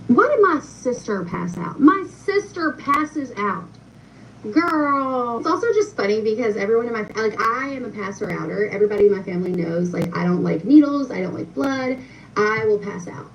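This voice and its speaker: A woman's voice: a little high, expressive, moderate pace, vocal fry. A young woman casually telling a personal story to her viewers, chatty and full of fillers, talking straight to them. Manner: chatty, many fillers, addresses viewers directly. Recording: distant, muffled with faint noise.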